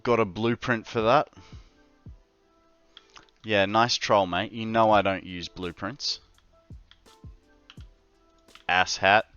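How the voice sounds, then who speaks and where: Man, game streamer, slow casual chat, smooth clear voice, dry slightly dull audio, faint music. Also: on the low side, fairly even intonation, a bit bright, no echo. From Australia. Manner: slow, laid-back, talks to chat while working.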